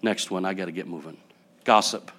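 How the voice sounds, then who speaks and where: A man preaching a sermon to his church, building up to loud passionate peaks and then dropping to quiet, soft passages. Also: deep voice, fairly quick. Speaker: pastor.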